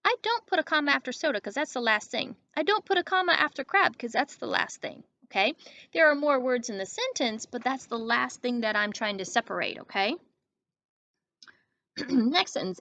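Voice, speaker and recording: Bright-voiced teacher woman. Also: on the high side, lively intonation. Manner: slow, clear, checks in with "okay?". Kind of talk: elementary grammar lesson. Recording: dull lo-fi recording.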